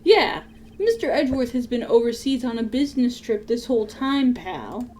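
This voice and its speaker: A woman voicing a gruff, big-hearted male police detective in a video game, blunt and quick to call people "pal.". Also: on the high side, lively intonation, darkish tone, lightly acted.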